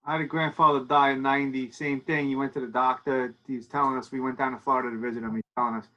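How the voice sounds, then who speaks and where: A man chatting casually, chiming in with a relaxed family anecdote. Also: mid-range voice, fast talker. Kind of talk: casual chat. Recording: dull lo-fi audio.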